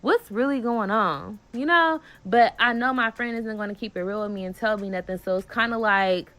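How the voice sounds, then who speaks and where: A woman with a Bay Area accent tells a storytime tale in a loose, animated way. She swears freely, leans on slang and acts out each person's lines as she goes. Her voice sits at a middle pitch for a woman. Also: a little fast, clear, resonant tone. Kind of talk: casual storytime vlog.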